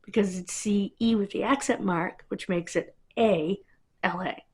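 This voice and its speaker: A woman's voice: mid-range voice, measured pace, slightly rough. A woman vlogger talking to camera in a casual, rambling monologue that wanders between tangents.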